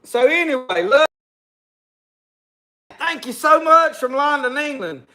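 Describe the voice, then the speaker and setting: A man's voice: very high-pitched, expressive, unhurried, pushed and bright. A middle-aged man with a Southern US accent hosting a casual livestream in a folksy drawl, closing with a spoken prayer. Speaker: livestream host.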